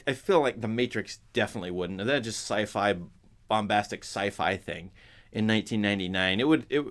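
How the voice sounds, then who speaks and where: A man's voice: on the low side, a bit bright. A man chatting casually to his viewers as a film commentator, rambling with restarts and asides.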